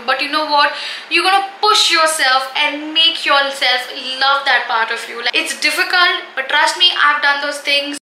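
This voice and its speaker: A young woman speaks to camera in a high, very bright voice, giving a sassy, animated pep talk. Her tone swings up high when she gets emphatic. The sound is echoey, with a faint hum behind it. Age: young adult. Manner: animated, sassy, calls viewers honey. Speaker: vlogger.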